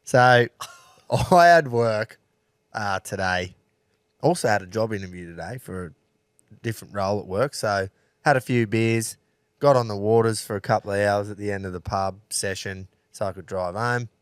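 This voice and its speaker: A man's voice: on the low side, normal speed, clean tone, no echo, clean studio sound. Australian man, podcast co-host, casual yarns, swears, laughs a lot, resonant voice. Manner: swears freely, laughs through his stories. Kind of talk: casual pub-yarn chat.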